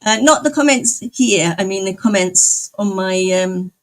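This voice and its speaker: A woman's voice: mid-range voice, a little slow. A woman live streamer chatting casually with her viewers, rambling and often laughing. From outside the United States.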